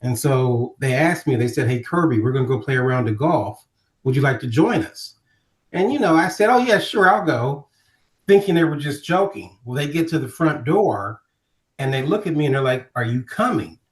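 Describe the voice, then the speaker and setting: A middle-aged man from Ohio, telling stories as a podcast guest in a lively conversational way and acting out other people's voices. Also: mid-range voice, normal speed. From Ohio, USA. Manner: animated storyteller, acting out quoted voices. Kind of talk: storytelling in casual conversation. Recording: roomy echo.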